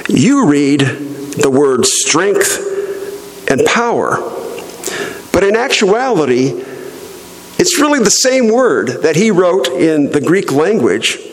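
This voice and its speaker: A middle-aged man preaching a sermon as pastor, slow and emphatic, leaning hard on stressed words. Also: fairly high pitch, big pitch swings, in a large hall, poor audio.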